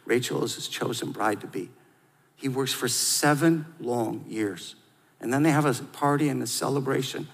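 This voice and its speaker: A man preaching a sermon in a lively, conversational way, drawing the audience into call-and-response. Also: medium pitch, moderate pace, gravelly. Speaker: pastor. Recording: long hall reverb.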